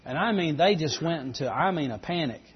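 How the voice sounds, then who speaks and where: Man, middle-aged, preacher, folksy storytelling, husky, muffled lo-fi sound. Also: on the high side, animated, a little fast. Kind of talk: sermon. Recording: dull lo-fi recording.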